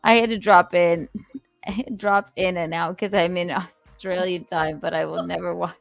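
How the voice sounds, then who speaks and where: A woman's voice: on the low side, steady tone, normal speed, gravelly, faint music behind. A woman hosting a casual livestream chat, jokey and rambling, swearing and trailing off as she hunts for words. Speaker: host.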